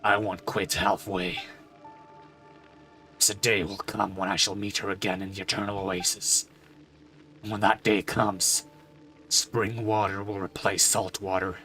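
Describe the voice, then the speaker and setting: A man voicing a grave, brooding father who mourns his lost wife, speaking slowly and solemnly. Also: lowish voice, level tone, sharp tone, soft background music, voice pushed down. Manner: slow, solemn, heavy.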